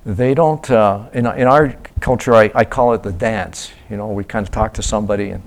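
A man telling a church about his mission work in a halting, casual way, often restarting his sentences. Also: fairly low pitch. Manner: halting, restarts, acts out quoted voices loudly. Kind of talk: casual slide-show talk.

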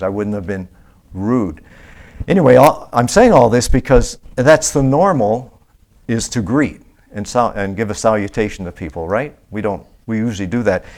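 Man, church sermon, conversational, somewhat low voice, frequent restarts. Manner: conversational, with many restarts and filler. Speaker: preacher. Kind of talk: church sermon, Bible teaching.

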